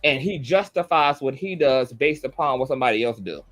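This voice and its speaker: A man's voice: mid-range voice, animated, brisk, few pauses, fairly bright tone. A man giving a heated, blunt commentary monologue, swearing freely and repeating his points for emphasis. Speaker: online commentator.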